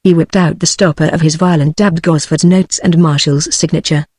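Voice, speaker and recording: Computer voice reading an audiobook, mid pitch, flat and mechanical, super dry. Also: normal speed, breathy edge, no echo. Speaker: audiobook narrator. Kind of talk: text-to-speech audiobook narration.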